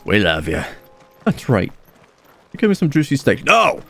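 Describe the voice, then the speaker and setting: A young man giving casual, excitable gameplay commentary, laughing often and exclaiming at the game. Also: mid-range voice, normal speed, vocal fry. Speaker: let's play gamer.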